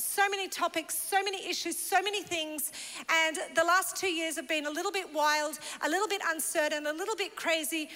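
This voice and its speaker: A woman's voice: very high-pitched, bright, forceful tone. A woman pastor from Northern Ireland, preaching in a bubbly, laughing, chatty way. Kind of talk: sermon. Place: large church hall. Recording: long church hall reverb.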